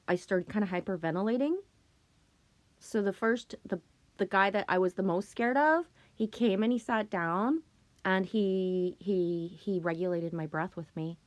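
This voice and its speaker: A woman with a medium-pitched voice hosts a casual livestream, reading chat, talking with viewers, and telling stories in a chatty manner. She swears now and then, and the recording is dry.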